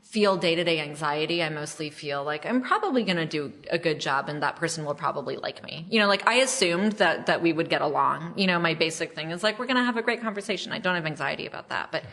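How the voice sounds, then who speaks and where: A woman's voice: low-pitched, expressive, fast talker, gravelly, fairly bright tone. A woman author being interviewed on a podcast, talking in a chatty, self-deprecating way with lots of fillers. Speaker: memoir author, podcast guest. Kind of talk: casual interview chat.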